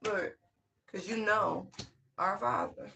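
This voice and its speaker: A tarot reader talking casually to viewers, excitable and laughing often, stretching out exclamations. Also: mid-range voice, takes it slowly, vocal fry, slight background noise.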